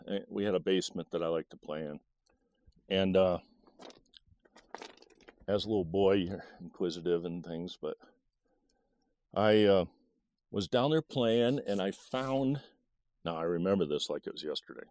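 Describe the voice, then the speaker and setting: A man in his sixties from Michigan, telling a childhood memory in a halting, casual way with many fillers and small chuckles. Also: sits low, a little mellow, no room sound. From Michigan, USA. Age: 60s. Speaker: storyteller. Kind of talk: casual personal storytelling.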